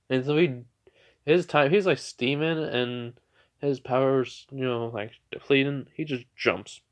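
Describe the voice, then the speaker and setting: A man's voice: medium pitch, unhurried, dull audio. A young man casually telling a fan fiction story, rambling with fillers and restarts.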